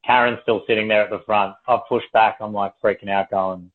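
A man's voice: fairly low pitch, a little fast, hardly any pauses. A young man telling a story casually, rambling, swearing and laughing as he goes. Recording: tinny phone-like livestream audio.

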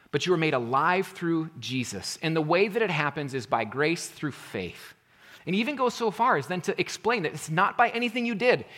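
Earnest pastor preaching. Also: male voice, on the high side. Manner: earnest, emphatic, dropping to quiet intensity. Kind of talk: sermon.

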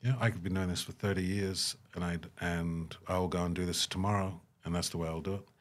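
A man's voice: fairly even intonation, fairly quick. A man being interviewed about his humanitarian work, talking earnestly and acting out bits of dialogue. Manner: earnest, acts out quoted dialogue with rising pitch. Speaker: guest, humanitarian worker. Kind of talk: reflective interview talk.

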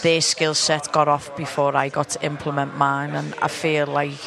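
A woman's voice: low voice, level tone, normal speed, gravelly. A woman guest talking casually in an interview, rambling and laughing often as she tells her story. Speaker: guest fighter. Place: busy launch event venue. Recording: crowd noise at a launch event.

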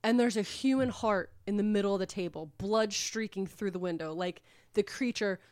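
A woman casually recapping a book plot on a podcast, rambling and animated, with swearing. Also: mid-range voice, moderate pace, no echo, studio quality. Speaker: podcast co-host retelling a book. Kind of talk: casual chat.

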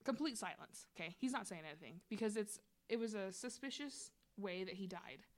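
A young adult woman sharing a personal story in relaxed conversation. Her speech is loose and slangy, with casual swearing and a candid, unguarded manner. Her voice sits in an ordinary middle pitch. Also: a little fast. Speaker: guest telling a personal story.

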